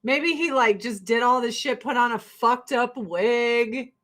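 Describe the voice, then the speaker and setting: A woman from the rural Midwest talks casually to her viewers while she gets ready, in a fairly high voice. She is blunt and swears freely, and she laughs often. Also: measured pace, a bit bright. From rural Illinois, US Midwest. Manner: blunt, profane and chatty, with frequent laughs. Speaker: vlogger and host. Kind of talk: casual get-ready-with-me chat.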